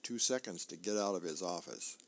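A hapless office-worker husband, as a man reads him from the comics. The voice stays low and gravelly, close to the reader's own, delivered slowly.

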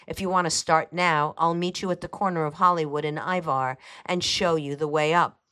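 A woman's voice: low voice, steady tone, moderate pace, sharp tone, clean tone. A woman reading aloud, voicing a confident male lawyer who speaks firmly and presses for answers. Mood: insistent. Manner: firm, insistent.

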